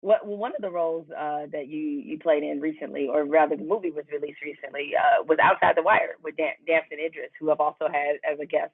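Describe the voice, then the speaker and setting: A woman's voice: deep voice, fairly even intonation, quick pace, vocal fry, hardly any pauses, breathy edge, dry recording. Woman host on a tinny, dry line. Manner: long, winding questions with frequent laughter. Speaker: podcast host. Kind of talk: casual interview questions. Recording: tinny phone-like, dry sound.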